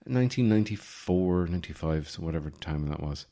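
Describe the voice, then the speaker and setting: An Irish man in his forties hosts a podcast, speaking low-pitched and a little fast. His comic monologue is deadpan and rambling, full of fillers and restarts.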